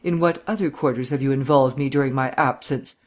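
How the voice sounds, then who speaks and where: A man voicing an irritable, gruff district attorney who speaks curtly, in an audiobook reading. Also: mid-range voice, fairly quick, close to an everyday voice. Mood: irritated. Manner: curt, growling.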